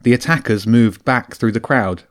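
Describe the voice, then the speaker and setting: A man narrating a children's adventure audiobook with a lively, expressive reading. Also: medium pitch, moderate pace. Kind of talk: storybook narration.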